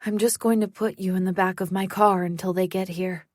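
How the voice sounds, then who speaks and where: A woman voicing a calm, reassuring male police officer in a thriller audiobook, speaking steadily. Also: medium pitch, fairly quick, dry recording, clean studio sound, voice pushed down, lightly acted.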